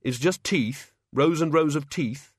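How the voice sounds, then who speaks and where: A man's voice: fairly high pitch, a little slow, breathy edge, no room sound, clean studio sound, pitched above the performer's own voice. A man voicing a hesitant, faltering male god of hangovers.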